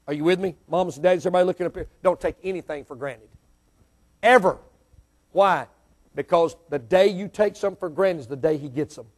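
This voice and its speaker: A man preaching a sermon as pastor, with call and response and loud emphatic peaks. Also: sits high.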